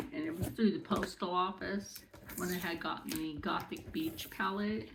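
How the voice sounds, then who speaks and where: Slow, chatty woman unboxing makeup. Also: lowish voice, noisy background. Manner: chatty, excitable, rambling with asides. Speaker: beauty vlogger. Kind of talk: casual unboxing chat.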